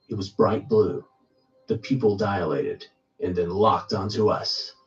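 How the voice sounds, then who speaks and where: A man reading a first-person horror story aloud in steady storytelling narration. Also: fairly low pitch, far from the mic, muffled recording.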